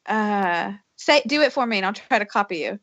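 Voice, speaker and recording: A woman's voice: mid-range voice, expressive, normal speed, fairly bright tone, dry recording. A woman co-hosting a podcast, chatting in an easygoing, giggly way. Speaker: podcast co-host. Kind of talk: casual chat. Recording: dull, dry lo-fi audio.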